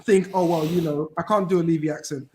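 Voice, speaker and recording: A man chatting casually as a fan on a football podcast, rambling and animated with many restarts. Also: a little high, fast, very noisy. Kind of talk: casual chat.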